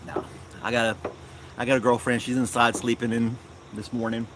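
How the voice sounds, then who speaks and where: A man chatting casually on a live stream in his yard, rambling and unhurried, talking fondly to his dog. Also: medium pitch, flat delivery, noisy background. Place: outdoors in a yard.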